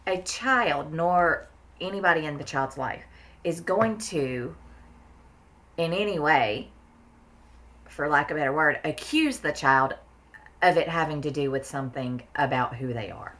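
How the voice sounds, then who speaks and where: Low-voiced lady on a podcast, blunt, emphatic, swears casually. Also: unhurried, pauses often, fairly bright tone. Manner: emphatic, blunt, swears freely, repeats words for stress. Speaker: therapist guest.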